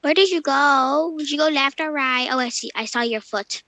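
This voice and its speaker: A woman with a high, bright voice chatting through a game session. She gets excitable and squeals easily, though her talk stays unhurried. The recording is dry and close. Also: no room sound. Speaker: gamer. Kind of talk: casual gameplay chat.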